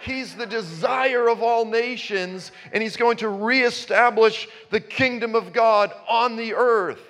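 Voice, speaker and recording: A man's voice: very high voice, takes it slowly, fairly bright tone. A man preaching a sermon, conversational at first and building to passionate emphasis. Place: church. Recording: long reverb in a church hall.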